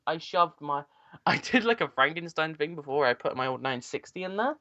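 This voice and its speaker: A man's voice: on the high side, lively intonation, moderate pace, sharp tone, no room sound. Male co-host, loose rambling delivery, dull dry recording. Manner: rambling, filler-heavy tech talk. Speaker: podcast co-host. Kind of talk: casual chat.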